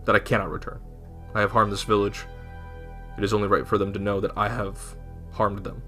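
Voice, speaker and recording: Grave, formal robot voiced by a man. Low and crisp, with quiet music under it. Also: flat delivery, fairly quick. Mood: solemn. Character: remorseful robot, solemn and formal.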